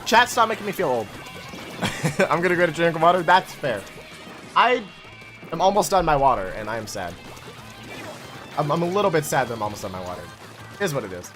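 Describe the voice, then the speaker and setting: Animated young man streaming games. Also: fairly high pitch, fairly quick, pauses often, over music. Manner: animated, chatty, talks to chat. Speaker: game streamer. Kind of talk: casual live-stream chat while gaming.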